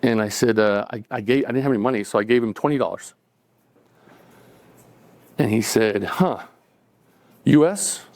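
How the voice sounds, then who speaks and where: A middle-aged man casually tells a live audience about something that happened to him, laughing softly and voicing the quotes. His voice is lowish, fairly quick with long pauses, and there's no room sound.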